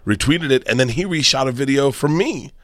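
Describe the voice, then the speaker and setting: A man's voice: medium pitch, expressive, fairly quick, no echo. Rowdy storytelling man, dry close mic. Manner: loud storyteller, laughs while talking. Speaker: guest comedian. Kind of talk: casual podcast banter.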